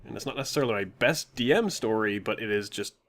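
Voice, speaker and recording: A young man telling a long tabletop game story in a casual chat, animated and often laughing as he quotes the players. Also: fairly low pitch, fast. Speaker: podcast co-host telling a story.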